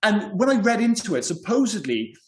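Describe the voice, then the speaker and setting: A man's voice: high voice, big pitch swings, brisk, echoey room. A man co-hosting a podcast, talking casually and rambling about a film with lots of "you know" and "yeah". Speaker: podcast co-host.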